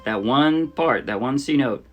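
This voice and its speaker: A man teaching a ukulele arrangement in a relaxed, chatty tutorial style. He explains each step and often checks in with the viewer. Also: mid-range voice, a little slow, highs cut off, over loud music. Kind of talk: casual music tutorial. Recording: loud ukulele playing under the speech. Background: his own ukulele playing under the voice.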